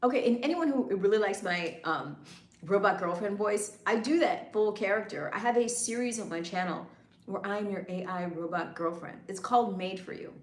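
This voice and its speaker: A woman's voice: mid-range voice, normal speed, roomy sound. Hyped, chatty woman livestream host. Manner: hyped, chatty, talks straight to viewers. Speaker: livestream host and content creator. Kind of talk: casual live chat.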